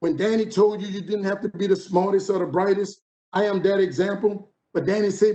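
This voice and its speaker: This conference keynote is a motivational speech from a man in his fifties from New Orleans, USA, whose local accent carries rhythmic, preacher-style repetition. He speaks fairly quickly in a high, mellow voice with fairly even intonation, and the highs are cut off.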